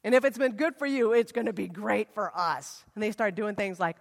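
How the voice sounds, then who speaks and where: A woman preacher delivering a sermon in a college worship hall, conversational and animated as she retells a story. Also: medium pitch, brisk, gravelly. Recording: echoey hall reverb.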